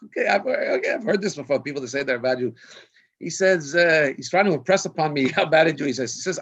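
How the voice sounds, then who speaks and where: A man's voice: a little high, expressive, brisk, fairly bright tone. A man, a rabbi, telling anecdotes on a video call and laughing at his own jokes. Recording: dull lo-fi video call audio.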